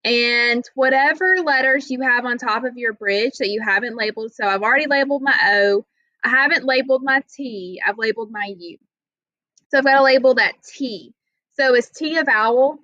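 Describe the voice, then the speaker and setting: A woman's voice: on the high side, normal speed, sharp tone, no echo. A woman teaching children a reading lesson, explaining patiently step by step and checking in with "okay?". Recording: dull lo-fi audio.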